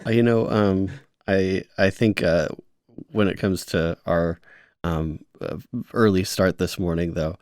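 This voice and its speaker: Deep-voiced male podcast co-host, dry close sound, groggy morning voice, halting delivery. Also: fairly even intonation, darkish tone, clean tone, no echo. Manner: hesitant, many fillers and restarts. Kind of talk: casual podcast chat. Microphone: remote call.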